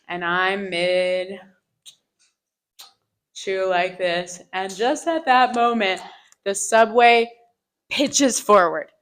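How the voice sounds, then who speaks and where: A woman telling a self-mocking personal story live on stage into a microphone, animated and often laughing through her lines. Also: fairly low pitch, poor audio. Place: live stage before an audience.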